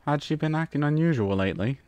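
A man voicing a terse, low-voiced stallion pony private detective with an Australian accent. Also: animated, fast, a little mellow, no room sound, natural voice.

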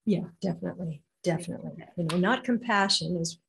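An older woman, an intuitive healer being interviewed, telling her story in an animated way and acting out the voices of others. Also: lowish voice, fast talker, gravelly, slight background noise, rough recording.

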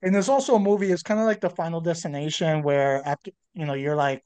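A man's voice: on the high side, fast, hardly any pauses, a little mellow, clear, resonant tone. A man co-hosting a podcast in casual chat, rambling with fillers and restarts. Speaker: podcast co-host.

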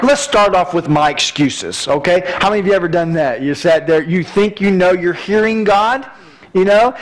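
A man's voice: high voice, rough recording. A middle-aged man, preaching a conversational sermon with many restarts and asides.

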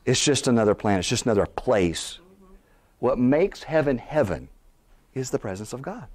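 A middle-aged man preaching a sermon as pastor, animated, posing rhetorical questions and building toward near-shouts. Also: medium pitch, normal speed.

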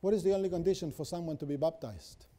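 Male pastor, sermon, high mellow voice, asks the room questions constantly. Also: fast talker. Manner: storytelling with many rhetorical questions to the audience.

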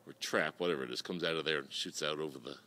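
A very low-voiced man narrates his own home video outdoors, his tone bright and forceful. He talks in a relaxed, admiring way with halting restarts, a little winded from walking. Faint outdoor noise sits behind him on the camcorder mic. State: a little out of breath. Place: outdoors on a country property.

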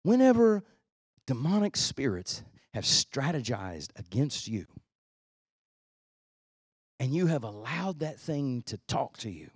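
A man preaching a sermon as pastor in a church, emphatic, swinging between quiet and loud. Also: mid-range voice, very animated, takes it slowly, pauses often, slightly rough, no room sound, studio quality.

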